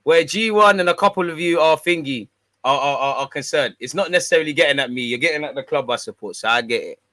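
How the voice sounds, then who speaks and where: A man's voice: a little high, fast, bright, forceful tone, no echo. A man hosting a fan channel, casually reading and answering viewer comments in a slangy, bantering way. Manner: slangy, laid-back, bantering.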